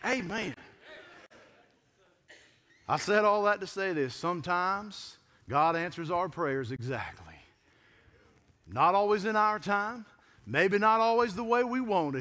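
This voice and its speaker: Male preacher, high bright voice, lively storytelling sermon. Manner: storytelling with emphatic build-ups. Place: church pulpit.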